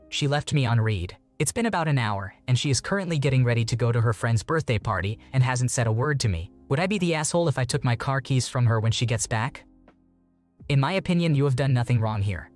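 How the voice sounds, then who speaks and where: A man reading online stories aloud in a steady scripted narration, adding brief comments of his own. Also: mid-range voice. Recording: music bed behind the voice.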